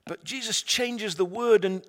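A man preaches slowly, with a voice pitched a little high. He retells the story dramatically, rising to loud emphasis and dropping to a hush. His words ring with the long reverb of a large hall. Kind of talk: sermon.

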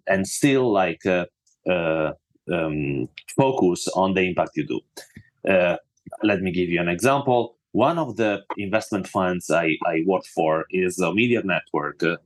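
A man hosting a podcast panel, talking with many fillers and restarts as he frames questions. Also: deep voice. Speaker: podcast host.

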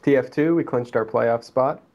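A man's voice: medium pitch, normal speed, lo-fi sound. A man on a casual gaming podcast, talking matter-of-factly with dry humor. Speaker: podcast co-host. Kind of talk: casual chat.

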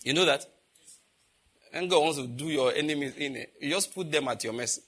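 Nigerian preacher, bright husky voice, storytelling sermon. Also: male voice, a little high, brisk. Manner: storytelling, asks the audience questions.

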